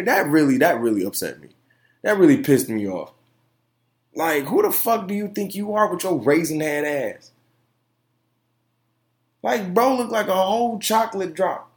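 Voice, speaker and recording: A man's voice: high-pitched, sing-song, a little slow, long pauses. A young man hosting his own opinion podcast, talking emphatically with lots of profanity, repeated phrases and fillers. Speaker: podcast host. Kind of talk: solo opinion podcast rant.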